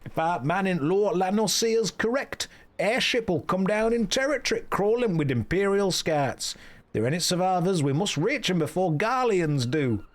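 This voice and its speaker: A man voicing a gruff, commanding male naval officer in a video game, his put-on accent drifting between dialects as he reads. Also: fairly high pitch, moderate pace, voice pushed up, lightly acted. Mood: formal, commanding.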